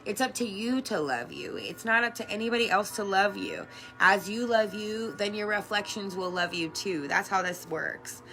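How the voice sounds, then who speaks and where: A woman speaks with a bright, clear tone in a casual, earnest motivational talk, chatty and quick to laugh. She swears casually as she coaches her viewers. Faint music plays softly behind her. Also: mid-range voice. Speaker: energy worker and life coach.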